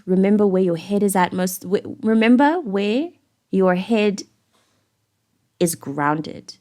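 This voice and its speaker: A woman's voice: lowish voice, darkish tone. Rambling South African woman reading tarot. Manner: rambling, candid, swears casually. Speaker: tarot reader.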